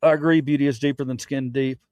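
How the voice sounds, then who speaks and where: A man's voice: medium pitch, steady tone, quick pace, a little mellow, clean tone, dry recording. A grown man hosting his own late-night livestream, chatting candidly with viewers, rambling and stammering through restarts with casual swearing. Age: adult, past his youth. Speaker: livestream host.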